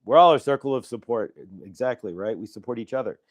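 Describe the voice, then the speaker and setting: A man's voice: mid-range voice, quick pace, no echo, clean studio sound. A man hosting a spiritual livestream, chatting casually with viewers and reading oracle cards, rambling with lots of fillers and friendly asides. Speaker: host of a channeling and card-reading livestream.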